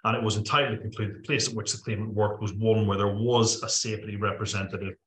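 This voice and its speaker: A man's voice: fairly low pitch, steady tone, fast, a bit bright, reverberant, poor audio. A man co-hosting a legal podcast, summarising case judgments with lots of fillers and the odd joke. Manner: reads case summaries with many fillers, jokey asides. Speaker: podcast co-host discussing employment law cases. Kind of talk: casual legal podcast discussion.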